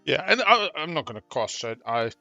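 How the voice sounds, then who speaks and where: A man's voice: a little high, big pitch swings, moderate pace, creaky, bright, forceful tone, no echo, highs cut off. Talkative male player on a voice call, music behind. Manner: talkative, chatty. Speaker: board game player. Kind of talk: casual game-table banter. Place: online voice call.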